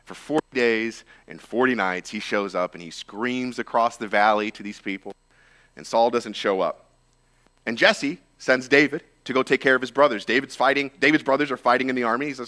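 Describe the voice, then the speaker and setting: A man preaches a relaxed, conversational sermon with a bright, forceful voice. He retells the story informally, with lots of "like" and "right?" tossed in. His pitch sits in the middle for a man. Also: moderate pace. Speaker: pastor.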